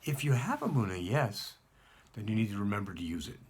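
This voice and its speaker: A man's voice: lowish voice, very animated, a little fast, breathy edge. A man speaking as a rabbi, giving an emphatic spoken lesson and repeating points to press them home.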